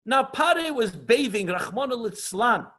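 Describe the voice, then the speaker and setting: A man teaching an online class as a rabbi, earnest and passionate, often slowing down for emphasis and mixing Hebrew and Yiddish terms into English. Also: very high-pitched, big pitch swings, bright, forceful tone, husky. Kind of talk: lecture with questions and answers.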